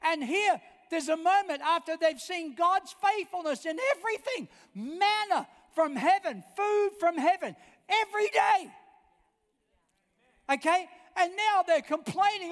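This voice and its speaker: A man's voice: very high-pitched, animated, measured pace, a bit bright. A man preaching a sermon, emphatic and repetitive, often calling on the congregation to answer back. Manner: emphatic, calls out for congregation responses. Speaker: pastor. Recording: long reverb of a large hall.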